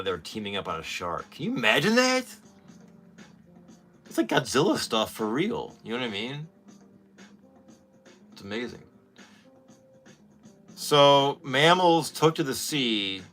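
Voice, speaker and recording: A man in his forties hosting a casual vlog. He talks in an excitable, rambling way and swears often. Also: lowish voice, normal speed, pauses often, soft background music. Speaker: channel host.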